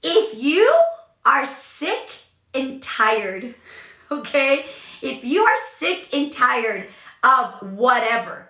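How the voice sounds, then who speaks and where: A woman's voice: high-pitched, sing-song, very slow, sharp tone, echoey room. A woman hosting a motivational talk, speaking with emphatic energy and repeating phrases for emphasis. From California. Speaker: podcast host, business coach.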